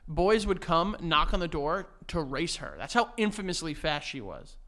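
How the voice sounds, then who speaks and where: A man's voice: fairly high pitch, very animated, moderate pace, bright, forceful tone. A man in his thirties co-hosting a podcast, bantering in a teasing, profane way. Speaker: podcast co-host. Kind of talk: casual chat.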